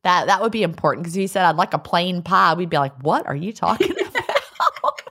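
A middle-aged woman from a beach resort town co-hosts a podcast, reading listener mail in casual chat, laughing and trying out regional phrases from the letters. Her voice is lowish, sing-song and brisk, pushed and bright.

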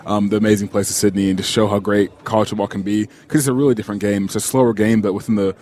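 Polite fast-talking young man. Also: lowish voice, flat delivery, darkish tone. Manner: polite, says "yes, sir" often. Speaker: guest football player. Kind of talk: casual radio interview.

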